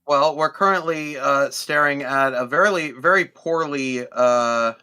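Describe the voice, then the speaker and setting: Bright-voiced easygoing man. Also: fairly high pitch, a little slow, clear, resonant tone. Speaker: co-host. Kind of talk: casual gaming chat.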